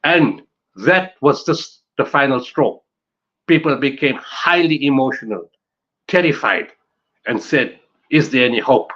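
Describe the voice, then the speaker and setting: A man's voice: medium pitch, a little slow, fairly bright tone, dull audio. A man from South Africa giving an emphatic conference talk on disaster management, building his points through repetition and rhetorical questions.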